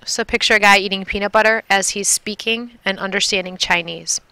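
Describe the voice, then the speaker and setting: A woman's voice: mid-range voice, fairly even intonation, brisk, bright, forceful tone, clean tone, no echo. A woman from Milwaukee, Wisconsin, teaching a Spanish lesson, patiently repeating and drilling words. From Milwaukee, Wisconsin, USA. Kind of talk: recorded classroom lesson.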